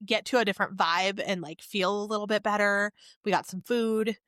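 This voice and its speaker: A woman co-hosting a casual podcast, candid and chatty, often laughing and filling pauses with "like". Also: medium pitch, steady tone, fairly bright tone, no echo, studio quality. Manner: candid, frequent laughs, fillers like "like". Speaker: podcast co-host.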